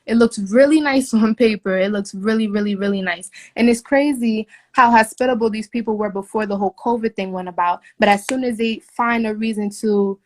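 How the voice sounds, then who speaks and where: A woman's voice: medium pitch, fairly quick, few pauses. A young woman, a flight attendant, venting her story in a casual video from a hotel room, indignant and emphatic, swearing often. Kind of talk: casual phone video rant.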